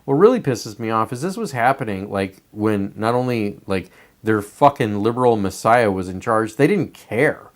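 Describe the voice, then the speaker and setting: A man's voice: on the low side, lively intonation, moderate pace. A man hosting a show, delivering a blunt, profanity-laced political commentary monologue. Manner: profane, emphatic ranting. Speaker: podcast host.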